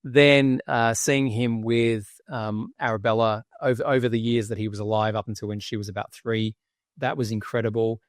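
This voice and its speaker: A man's voice: lowish voice, fairly even intonation, normal speed, dry recording. Guy on a podcast telling his story, candid, trips over his words, dry sound. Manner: candid storytelling, frequent restarts. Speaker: podcast guest. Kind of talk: casual interview chat.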